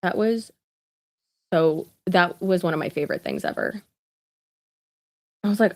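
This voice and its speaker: A woman's voice: lowish voice, huge pitch swings, measured pace, gravelly, long pauses. A woman, chatting casually on a live stream with lots of asides, fillers and laughter. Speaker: vlogger.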